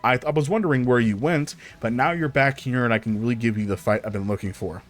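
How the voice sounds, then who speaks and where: A man's voice: medium pitch, quick pace, faint music behind, natural voice. A man doing a smug, taunting demon. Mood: gloating. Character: gloating pink male demon, arrogant and taunting.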